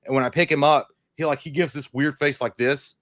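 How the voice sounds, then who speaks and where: A middle-aged man co-hosting a live movie stream, talking casually with lots of swearing and bursts of animated emphasis. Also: on the high side, fairly quick, dry recording, clean studio sound. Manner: profane, animated, puts on silly voices. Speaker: co-host.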